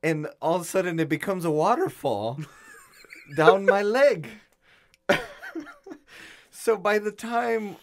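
A young man co-hosting a podcast, chatting casually as he tells stories. He talks in a loose, animated way and acts out each person he quotes. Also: sits high, takes it slowly, vocal fry, long pauses. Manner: animated storyteller acting out quotes. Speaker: podcast co-host. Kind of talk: casual storytelling chat.

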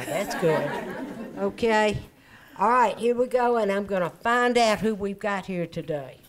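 A woman's voice: medium pitch, lively intonation, a little slow, some chatter behind, slight background noise. A woman hosting a community birthday party, speaking in an upbeat, chatty way. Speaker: event host.

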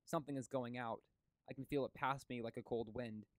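A man voicing a young woman who speaks slowly and dreamily from a trance. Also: medium pitch, steady tone, no echo, lightly acted. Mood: entranced.

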